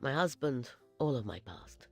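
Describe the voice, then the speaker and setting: An actress playing a proud, dignified Russian aristocrat in a video game, speaking with a Russian accent. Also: female voice, a bass voice, lively intonation, a little slow, faint music behind, exaggerated voice. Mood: haughty. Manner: haughty and dignified.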